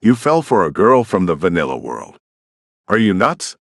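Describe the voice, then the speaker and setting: A man's voice: low voice, big pitch swings, moderate pace, vocal fry, dry recording, studio quality, full character voice. A man voicing a suspicious, paranoid male hacker who speaks in curt, dismissive, accusing remarks.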